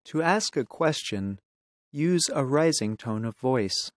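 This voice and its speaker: A teacher calmly explaining grammar in plain, measured sentences. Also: mid-range voice. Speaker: language teacher. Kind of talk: instructional explanation.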